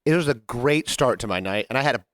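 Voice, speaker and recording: A man's voice: mid-range voice, quick pace, no room sound, clean studio sound. A man co-hosting a casual bar-industry podcast, telling work stories and acting out what people said. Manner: animated storyteller, acts out quotes. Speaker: podcast co-host, bartender. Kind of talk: casual chat.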